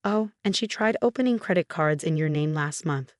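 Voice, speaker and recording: A woman reading as a steady, somber man. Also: low voice, moderate pace, no room sound, clean studio sound.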